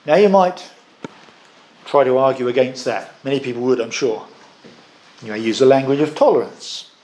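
A man preaching a sermon, earnest and emphatic, with measured pauses. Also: medium pitch, a little mellow, slight background noise.

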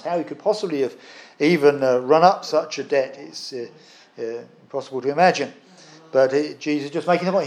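Earnest preacher man, slightly high voice. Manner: earnest, frequent "uh" fillers and restarts. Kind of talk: sermon.

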